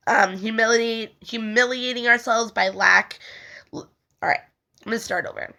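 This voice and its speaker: A woman's voice: mid-range voice, steady tone, normal speed, gravelly, bright, forceful tone. A young woman reading a spiritual text aloud and talking casually about it, rambling with many fillers and stumbling over words. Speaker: spiritual healing video host.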